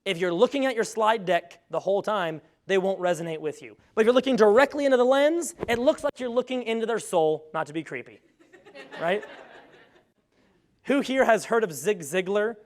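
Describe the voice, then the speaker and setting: A man with a fairly high voice giving an energetic talk to a live audience. He jokes often and pokes fun at himself as he makes his points. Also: normal speed. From grew up on a farm. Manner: energetic, joking, self-deprecating. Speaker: speaker on webinar marketing.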